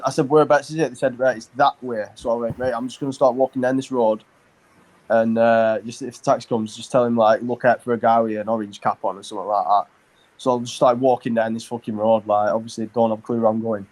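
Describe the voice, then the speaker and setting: A man tells a long, meandering story on a podcast. His talk is loose and full of fillers and swearing. His voice sits in an ordinary middle pitch. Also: a little mellow, rough recording. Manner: rambling, swears a lot, many fillers. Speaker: podcast co-host. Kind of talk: casual storytelling chat.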